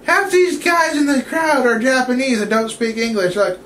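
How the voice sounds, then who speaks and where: A man's voice: very high voice, animated, moderate pace, a bit bright, slight background noise. A man co-hosting a casual wrestling review, joking around, laughing often and cutting in over his co-host. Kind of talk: casual chat.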